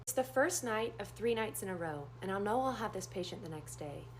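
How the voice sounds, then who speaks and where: A woman nurse telling a story in a casual first-person way, animated and acting out the dialogue. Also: fairly quick, slight background noise. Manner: animated, acts out quoted dialogue with big pitch jumps.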